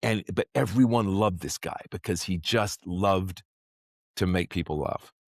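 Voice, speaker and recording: A man with an English accent, a podcast guest, chatting casually in a rambling, animated way. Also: low-pitched, unhurried, no room sound, studio quality. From England. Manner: rambling, animated storyteller who acts out quotes. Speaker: podcast guest, actor and magician. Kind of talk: casual interview chat.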